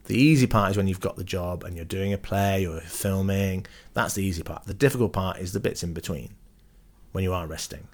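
A man's voice: low-pitched, a little fast, darkish tone. A man, an actor and podcast guest, chatting casually and telling stories with self-deprecating jokes.

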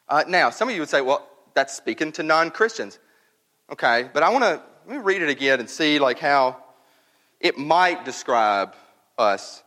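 A man preaching to his congregation, talking through a passage verse by verse. He speaks in a fairly high voice, casual but emphatic, and leans on key words. A long hall reverb trails behind him. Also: expressive, normal speed, pushed and bright. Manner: conversational, emphatic, repeats words for stress. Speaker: pastor. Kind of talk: sermon. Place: church.

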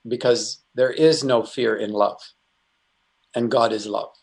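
A man's voice: medium pitch, steady tone, measured pace, gravelly. A middle-aged man teaching about faith in an earnest, conversational way, full of restarts and asides. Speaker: Christian speaker.

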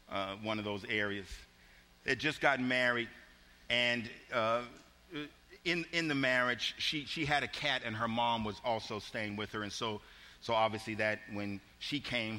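A man's voice: medium pitch, pushed and bright, in a large hall. A man preaching a sermon, telling a folksy story with frequent restarts and repeated words.

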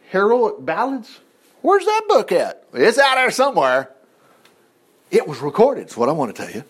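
A man's voice: sits high, husky. A man teaching from the Bible, reading passages aloud and breaking in with exclamations of praise. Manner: expressive, reads scripture aloud and comments with exclamations. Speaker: preacher.

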